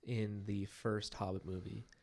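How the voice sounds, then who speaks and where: Young dude on a book podcast, lowish gravelly voice, laid back. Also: male voice, measured pace. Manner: relaxed, chimes in with comments and comparisons. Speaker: podcast co-host. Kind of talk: casual book discussion.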